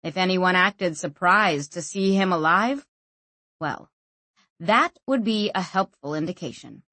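Audiobook narrator, woman, expressive and lively, husky, close dry read. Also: on the low side, measured pace, dry recording. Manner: expressive, lively storytelling reading.

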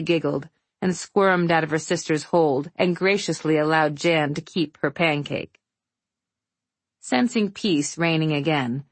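A woman with a low-sitting voice narrates a novel in the first person for an audiobook, her storytelling wry and affectionate. There's no room sound in the recording.

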